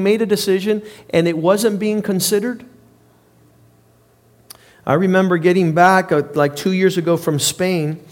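High-voiced, emphatic male preacher. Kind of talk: sermon.

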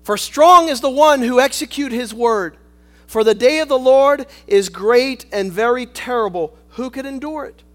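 A man preaching a sermon, swinging between shouted lines and hushed asides, calling on the congregation for amen. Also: extremely high pitch, normal speed. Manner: rhetorical, calls for amen.

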